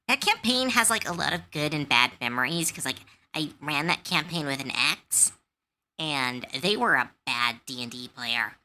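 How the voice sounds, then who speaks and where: A woman's voice: sits low, moderate pace. A woman streamer casually chatting on a live stream, telling rambling game-master stories with lots of fillers. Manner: rambling storytelling, animated, many fillers.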